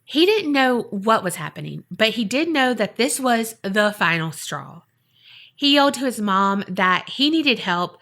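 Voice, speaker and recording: A woman's voice: fairly high pitch, unhurried. A woman hosting a podcast, casually telling a paranormal story and acting out the voices of the people in it. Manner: lively, acts out quoted voices. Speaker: podcast host.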